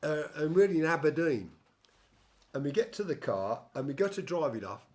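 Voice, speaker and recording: A man's voice: on the high side, very animated, normal speed, darkish tone. Older man, rambling storyteller. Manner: chatty storyteller, many restarts, wry asides. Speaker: show host and songwriter. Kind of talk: rambling casual chat.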